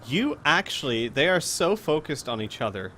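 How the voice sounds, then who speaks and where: A man narrating as game master in a tabletop role-playing game, relaxed with fillers. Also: a little high, moderate pace, slight background noise.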